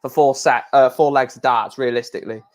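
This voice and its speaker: A young man from England hosting a casual darts watchalong stream, chatting excitably with rambling asides and mild swearing. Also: medium pitch, fairly quick. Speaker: livestream host.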